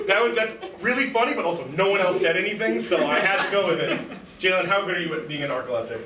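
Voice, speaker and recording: A young man hosting improv games, loud and excitable, often breaking into shouting. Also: high voice, fast talker, a crowd in the background. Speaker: improv game host. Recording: echoey room, mic at a distance, faint noise.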